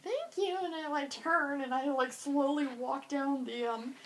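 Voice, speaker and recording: A woman's voice: high-pitched, unhurried, background noise. A woman vlogging, telling a story casually and acting out everyone's reactions with plenty of "like". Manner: animated, acting out reactions, lots of "like".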